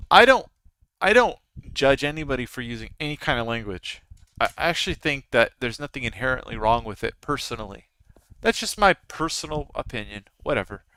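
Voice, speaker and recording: A man's voice: mid-range voice, pushed and bright, clear, resonant tone, no room sound. A man in his thirties hosting a live trading stream, chatting casually with his viewers as he comments. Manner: chatty, talks to viewers and chat. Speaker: livestream trading host.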